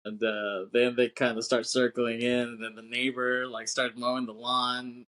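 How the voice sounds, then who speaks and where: A podcast co-host with a mid-range, fairly bright voice speaks flatly at a normal speed. He rambles through a film scene casually, swearing, laughing often and acting out the lines.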